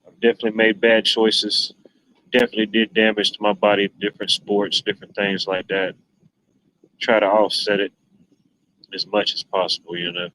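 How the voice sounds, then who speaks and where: A man's voice: lowish voice, flat delivery, moderate pace, a bit bright, slight background noise, poor audio. A man hosting a livestream, chatting casually, rambling and joking with viewers. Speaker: livestream host. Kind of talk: casual chat reading viewer comments.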